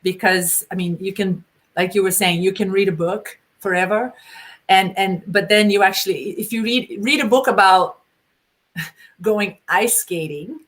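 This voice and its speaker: Middle-aged woman educator, informal Q&A guest; animated, acts out quotes, mid-pitched voice. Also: a little slow. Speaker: BDSM educator. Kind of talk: informal Q&A discussion.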